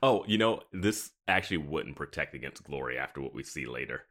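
A man with a very low voice that swings widely in pitch chats casually on a podcast. He chimes in with wry jokes and laughs between them. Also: animated, a little fast, a bit bright. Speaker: podcast co-host. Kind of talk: casual chat.

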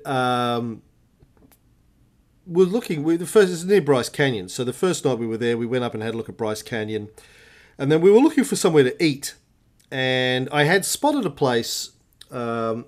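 A man, a podcast co-host telling a lively anecdote in casual chat, swearing freely. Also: mid-range voice. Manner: animated storyteller, swears freely.

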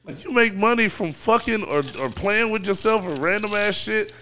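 A man's voice: high voice, moderate pace, bright, forceful tone. A man guesting on a casual podcast, talking in blunt, profane, teasing banter.

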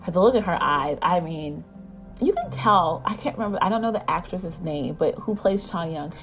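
A woman talking through a drama episode in a loose, rambling way. Her voice sits on the low side for a woman, and her delivery is animated and full of fillers. Soft music plays faintly underneath. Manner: animated, rambling, acts out characters' lines. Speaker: drama recap vlogger. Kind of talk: casual episode recap.

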